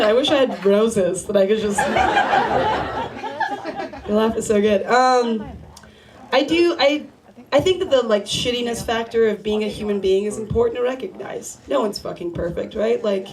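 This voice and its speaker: A young woman performs a stand-up comedy set at a small bar open mic. Her voice sits a little high, and she talks in a loose, rambling, profane way, chatting straight at the audience. The crowd laughs clearly around her throughout. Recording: live crowd noise.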